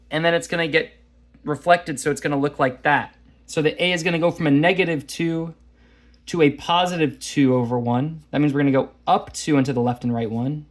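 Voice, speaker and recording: A man teaching a math lesson, walking through graphing problems in a chatty, self-deprecating way. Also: a little high. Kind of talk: casual lesson walkthrough.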